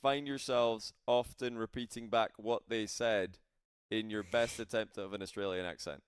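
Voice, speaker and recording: A low-voiced man chats with his stream audience, rambling from one thought to the next. His tone is smooth and clear. The sound is dry, with little room around it. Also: steady tone, moderate pace, dry recording. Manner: chatty, rambling, addresses chat. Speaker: esports caster. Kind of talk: casual live-stream commentary.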